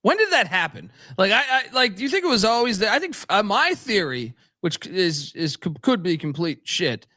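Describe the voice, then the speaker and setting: A man with a high, bright, sharp voice rambling through a sports betting podcast. He swears a lot and circles his points with restarts. The sound is dry and close. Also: big pitch swings, a little fast, few pauses, dry recording. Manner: rambling, profane, lots of fillers and restarts. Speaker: podcast co-host. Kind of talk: casual sports betting chat.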